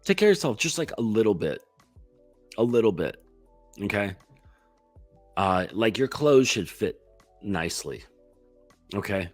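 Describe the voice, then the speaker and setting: Deep-voiced guy coaching men on dating, swears a lot, says like constantly, voice jumps around, dry close sound. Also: big pitch swings, measured pace, long pauses, no echo, faint music behind. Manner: blunt, profane, heavy use of "like". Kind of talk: casual coaching monologue.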